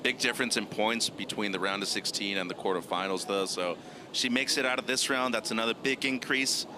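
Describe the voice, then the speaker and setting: A man's voice: lowish voice, brisk, background noise. A man giving upbeat live analysis as a surf co-commentator.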